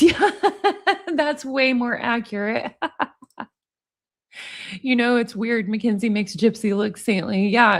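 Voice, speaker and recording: A woman in her forties hosting a casual live-stream, chatting and reading viewer comments aloud with frequent laughs. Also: a little high. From United States. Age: 40s. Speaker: livestream commentary host.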